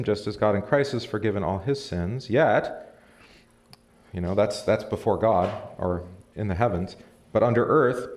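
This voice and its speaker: A pastor with a fairly low, darkish voice leads a casual Bible study, talking to the people present and reading passages aloud. His manner is conversational, full of questions for the room and a few chuckles. It's captured on a live stream mic in a church or classroom.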